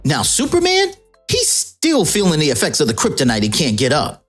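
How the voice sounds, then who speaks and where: A woman recaps a comic event playfully and casually. Her voice is low and husky. Her pitch swings widely, and faint music plays underneath. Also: huge pitch swings, moderate pace. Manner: playful, jokey. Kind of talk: animated casual storytelling.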